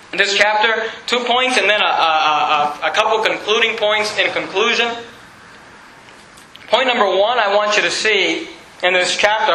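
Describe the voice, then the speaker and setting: A man's voice: high-pitched, sharp tone. A man preaching a sermon as pastor, building emphasis and repeating words as he drives his points home. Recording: echoey room with faint hiss.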